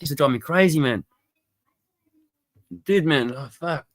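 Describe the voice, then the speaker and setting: A man's voice: on the high side, unhurried, pauses often. Laughing, swearing man. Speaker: stream host. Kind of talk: casual livestream chat.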